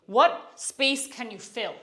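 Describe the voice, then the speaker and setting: A young woman with a fairly high voice leads a relaxed movement class. She talks in an easy, encouraging way with soft laughs, a bit out of breath from moving as she goes. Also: slow pace. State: a little out of breath while moving. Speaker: movement instructor. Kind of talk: guided movement tutorial.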